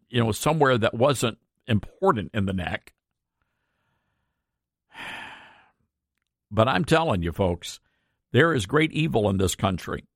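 A man's voice: mid-range voice, a bit bright, dry recording, clean studio sound. A man hosting a talk radio show, earnest and impassioned, often repeating himself for emphasis.

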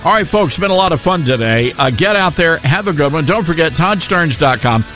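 A man's voice: on the high side, animated, brisk, sharp tone, soft background music. A man hosting a talk show, speaking in a folksy, enthusiastic way. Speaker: radio talk host. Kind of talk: casual talk radio monologue.

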